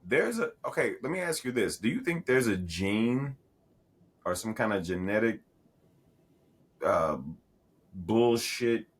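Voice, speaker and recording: A man in his thirties co-hosting a podcast, his voice sitting very low. He talks loosely and with plenty of swearing, circling back and restarting his sentences as he tells a story. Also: fairly bright tone. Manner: profane, rambling storyteller with many restarts. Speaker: podcast co-host. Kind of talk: casual chat.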